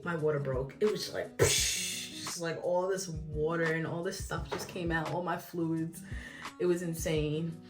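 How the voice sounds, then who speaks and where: A young woman chatting through a casual story, her voice low for a woman and full of fillers. She sounds a little far from the mic in an echoey room, and faint music plays behind her. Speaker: vlogger.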